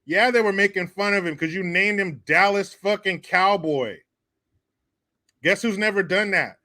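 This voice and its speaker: A man's voice: high-pitched, moderate pace, sharp tone. A man hosting a profane comedy commentary show, laughing often, cursing and mocking the clips he reacts to.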